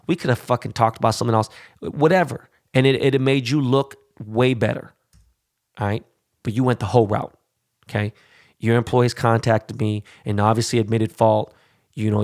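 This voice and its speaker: A man hosting a podcast, ranting in a casual, heated and profane way with quick asides. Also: medium pitch, a little mellow, dry recording, clean studio sound. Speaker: podcast host.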